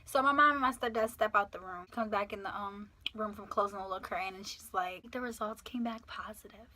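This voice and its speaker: A woman's voice: mid-range voice, steady tone, fairly quick, pushed and bright, slight background noise. An eighteen-year-old woman, telling a story casually and animatedly, swearing and acting out the people she quotes. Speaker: vlogger.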